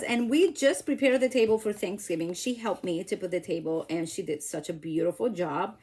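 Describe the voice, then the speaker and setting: A woman's voice: lowish voice, normal speed, few pauses, darkish tone, husky. A middle-aged woman hosting a casual crafting demo at home, chatty, laughing at herself and talking to viewers as she works. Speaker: craft channel host.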